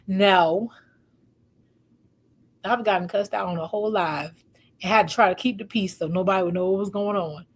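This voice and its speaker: A woman hosting a relationship advice talk, telling stories casually and acting out what people said, often laughing. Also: mid-range voice. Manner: animated, acts out quoted voices, laughs often. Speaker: host giving relationship advice.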